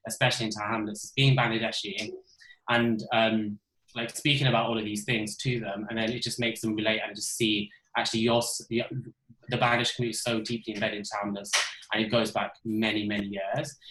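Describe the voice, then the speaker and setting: Fast-talking young London man. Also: lowish voice, sharp tone, roomy sound, rough recording. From London, Isle of Dogs. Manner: chatty, many "like" fillers. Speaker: ethical designer, panel guest. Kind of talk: webinar panel discussion. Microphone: video call.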